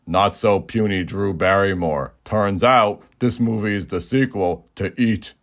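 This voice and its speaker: Deadpan man with a very low voice. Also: measured pace. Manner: deadpan, mock-naive. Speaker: comedy movie reviewer. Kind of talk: deadpan comedic narration.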